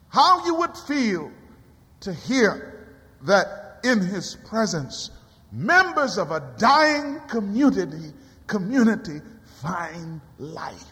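A man preaching a sermon in a church, swinging from quiet low passages to high cries. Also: very animated, slow. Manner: dramatic rising cries and quiet drops. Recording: long hall reverb.

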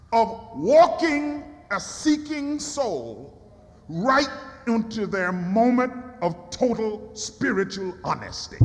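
Male preacher, high voice, lively pitch, slow dramatic delivery, long echo of a church hall. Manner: dramatic storytelling, acting out dialogue. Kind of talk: sermon.

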